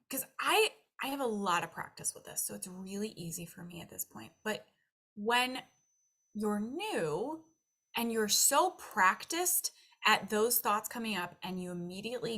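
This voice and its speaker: A young adult woman with a mid-range voice works as a nutrition and weight loss coach. She gives casual coaching advice in an animated way and acts out her own inner thoughts.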